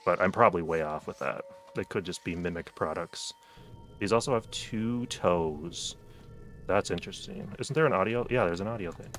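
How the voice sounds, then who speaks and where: A man's voice: deep voice, moderate pace, a bit bright, faint music behind. A man streaming a game late at night, chatting casually, joking, and talking to the characters on screen. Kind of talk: casual gameplay commentary.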